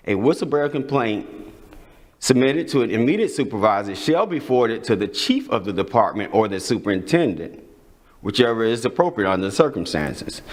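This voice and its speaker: A man from the district staff reading a prepared briefing at a school board meeting, measured, with small restarts. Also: medium pitch.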